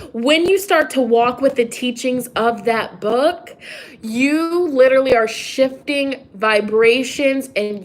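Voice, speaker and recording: A young woman talking casually on a phone livestream as a tarot reader and spiritual coach. She is chatty and preachy and often interrupts herself. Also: sits high.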